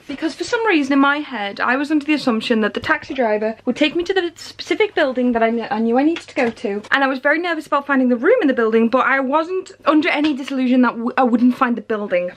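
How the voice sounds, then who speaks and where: A woman's voice: sits high, slight background noise. A woman in her thirties vlogging to camera, telling a story in a tired, emotional, rambling way. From England. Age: 30s. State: weary after crying. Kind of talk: personal vlog talk.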